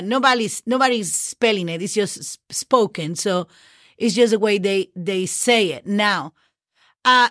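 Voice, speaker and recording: A woman's voice: mid-range voice, fairly bright tone, dry recording. Mexican lady teaching spanish on a podcast, spells stuff out, lots of okays, dry sound. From northern Mexico. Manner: spells words letter by letter, frequent okays and fillers. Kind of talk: casual podcast lesson.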